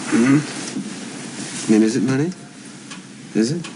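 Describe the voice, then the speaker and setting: A man's voice: medium pitch, measured pace, natural voice. An actor playing an anxious young husband earnestly pleading with his wife in a 1970s TV soap. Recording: noisy old TV audio.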